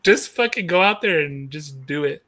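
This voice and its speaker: A man's voice: a little high, expressive, moderate pace, bright, forceful tone. A man chatting casually, rambling with frequent laughs and casual swearing. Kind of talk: casual chat.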